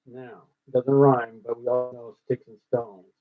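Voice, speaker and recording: A man hosting his own show, ad-libbing and thinking out loud as he tries rhyming lines, swinging between loud and hushed. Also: medium pitch, flat delivery, unhurried. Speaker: host working out rhymes. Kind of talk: ad-libbed musing monologue. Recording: tinny phone-like sound.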